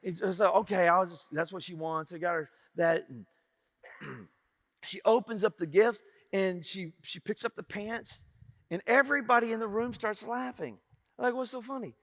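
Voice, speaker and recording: A man's voice: high-pitched, moderate pace, fairly bright tone. A middle-aged male pastor, telling a humorous story in a church sermon. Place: church sanctuary. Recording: reverberant church hall.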